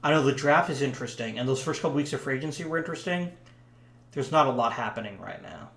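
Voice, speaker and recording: A man's voice: mid-range voice, lively intonation, quick pace, gravelly, a bit bright, echoey room. A man casually commenting on a hockey management game he is playing, rambling with frequent ums. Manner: chatty, rambling, lots of ums. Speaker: let's play commentator.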